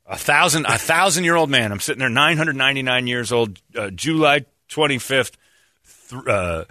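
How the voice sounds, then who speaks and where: Animated bright-voiced man riffing on radio. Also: moderate pace, no room sound, clean studio sound. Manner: animated, laughing, jumps into mocking high-pitched quoted voices. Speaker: radio show host. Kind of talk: casual comedic talk radio banter.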